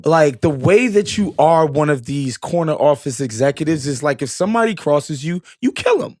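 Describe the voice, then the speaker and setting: A man's voice: fairly high pitch, moderate pace, dry recording, studio quality. A man chatting as a guest on a movie podcast, arguing his points with emphasis. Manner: animated, argues points with emphasis. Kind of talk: casual movie podcast chat.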